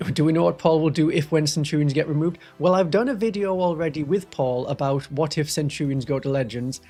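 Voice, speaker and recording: On a live stream, a Warhammer streamer from Northeast England chats wryly and ramblingly with viewers, his regional accent softened. His somewhat high voice is brisk, mellow and a bit rough, recorded on a studio mic over soft music.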